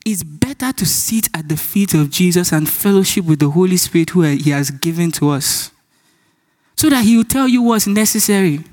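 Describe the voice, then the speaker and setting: A man's voice: sits high, moderate pace. A man with a Nigerian accent preaching a sermon, telling stories, acting out dialogue and laughing often. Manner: animated storytelling, acts out dialogue, laughs often.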